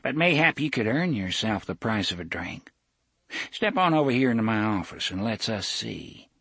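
A man voicing a rough, menacing young frontier thug with old-fashioned rustic speech. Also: lowish voice, big pitch swings, normal speed, pushed and bright, dry recording, full character voice. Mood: sardonic.

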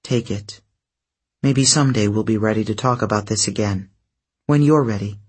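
A man reading aloud, voicing an anxious teenage girl hero who speaks softly and earnestly. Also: lowish voice, normal speed, breathy edge. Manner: soft, earnest and strained.

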